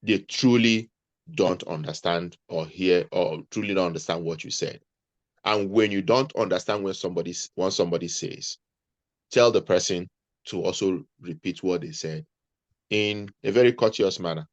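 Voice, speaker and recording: Deep-voiced man giving earnest advice. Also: moderate pace, no room sound. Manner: earnest, advising, repeats himself mid-sentence. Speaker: interview guest, nurse. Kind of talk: conversational interview.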